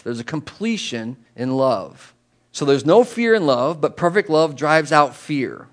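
A middle-aged man preaching a conversational sermon as a pastor, animated and chatty, with sudden jumps in pitch and volume and repeated words and asides. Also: measured pace.

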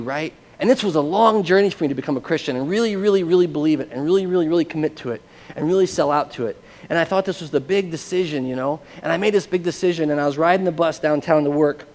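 A man preaches in an earnest, conversational way, sharing a testimony and checking in with his congregation. His voice sits a little high, and it rings out in a church hall with a long reverb. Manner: earnest, conversational, often asks listeners "right?". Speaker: pastor. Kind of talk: sermon with personal testimony.

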